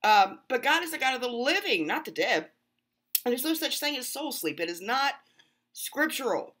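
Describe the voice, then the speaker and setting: A woman's voice: high voice, big pitch swings, normal speed, pushed and bright. A woman hosting her own channel, giving earnest, emphatic Bible commentary and talking straight to her viewers. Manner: earnest, emphatic, exasperated at rival interpretations. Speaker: Christian video host. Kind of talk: casual direct-to-camera Bible commentary.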